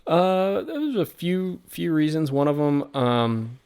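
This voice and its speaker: A man's voice: a little high, very animated, slow pace, a little mellow, smooth. A man with a Southern American accent from Virginia, telling stories as a podcast guest in a rambling, casual way with lots of fillers. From Virginia, USA. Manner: rambling, full of fillers and quoted asides. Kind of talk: casual conversational storytelling.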